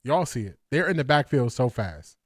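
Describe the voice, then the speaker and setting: A man hosting a live watch-party stream, excitable and out of breath, laughing often and calling his viewers y'all. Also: medium pitch, normal speed, no echo, studio quality.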